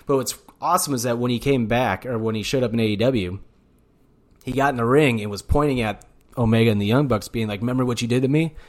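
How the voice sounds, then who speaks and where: An excitable man talks into a podcast mic, rambling and swearing freely as he chats. His voice sits at an ordinary middle pitch, and he jumps from point to point with loose energy. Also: brisk. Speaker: podcast co-host. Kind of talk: casual chat. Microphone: studio mic.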